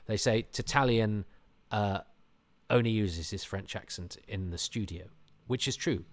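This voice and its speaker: Man, lowish pitch, podcast host, casual rambling commentary, self-deprecating. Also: unhurried.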